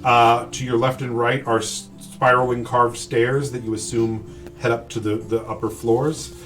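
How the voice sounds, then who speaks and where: A man running a tabletop game, describing a scene in a middle-pitched voice that keeps stopping for "um" and restarting. He sounds set back from the mic, with soft music playing underneath. Casual and unpolished. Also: little pitch movement, unhurried, distant mic. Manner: hesitant, lots of ums and restarts. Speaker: game master.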